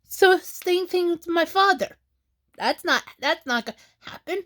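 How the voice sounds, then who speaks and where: A woman records a personal vlog while fighting back tears. She speaks slowly and haltingly, sighs often and keeps apologizing. Her voice sits high. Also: lively intonation, fairly bright tone. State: crying, tearful. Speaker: vlogger.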